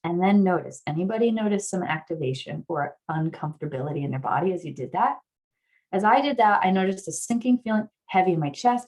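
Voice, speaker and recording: A woman with a slightly low-pitched voice leads an online therapy workshop. She guides her listeners earnestly through an exercise and often lifts into excited affirmations. She is heard over a video call. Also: quick pace. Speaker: somatic therapist guest speaker.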